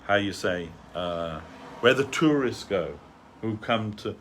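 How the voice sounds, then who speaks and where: A man's voice: on the low side, lively intonation, takes it slowly, a bit bright, a little hiss or hum. Chatty, rambling male storyteller. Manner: rambling, chatty, laughs at his own story. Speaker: speaker giving a devotional talk. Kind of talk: casual anecdotal storytelling. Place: temple hall.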